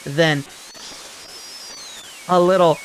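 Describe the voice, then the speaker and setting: A woman's voice: low voice, fairly even intonation, drawn-out words, poor audio. A woman voicing a menacing, composed male kidnapper who speaks in a cold, formal way over a radio. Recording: game music playing behind.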